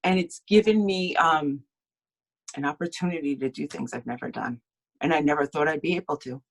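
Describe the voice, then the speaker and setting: A woman telling her personal story in an earnest, tearful, halting way during a live online event. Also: low-pitched, creaky. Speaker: team member sharing her story. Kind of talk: emotional personal testimony.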